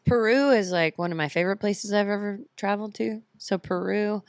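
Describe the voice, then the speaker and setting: A woman from the United States, a podcast guest who tells travel stories in a lively way and laughs often. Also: medium pitch, brisk, dry recording, studio quality. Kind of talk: casual chat.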